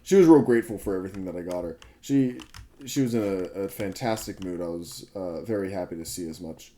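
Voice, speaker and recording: Man in his twenties, up all night, rambling casual gameplay chat, self-correcting, swears, darker warm tone. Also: low voice, brisk, slight background noise. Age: 20s. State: sleep-deprived, up all night. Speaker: gaming video creator.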